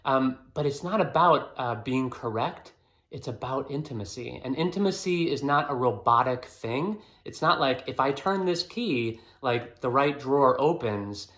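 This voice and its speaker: A man's voice: medium pitch, lively intonation, measured pace, a bit bright. A man giving a casual, earnest devotional talk, rambling with many fillers as he encourages listeners. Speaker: Christian video host.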